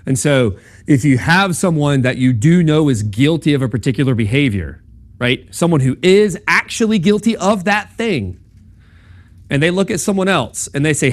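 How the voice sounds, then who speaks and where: A young man with a fairly high, sing-song voice speaks at a moderate pace. He's a campus ministry speaker teaching logic in a casual classroom lecture, chatting conversationally, filling gaps with ums and okays, and checking in with his listeners.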